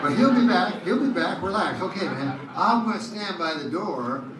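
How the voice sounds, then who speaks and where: A devoted, anxious dog pining at the door for his master, as a man voices him, whiny and pleading in a high, loud voice. It is caught from far away in a roomy hall, with heavy crowd noise. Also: lively intonation, normal speed. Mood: anxious, overjoyed. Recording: echoey live room heard from far off.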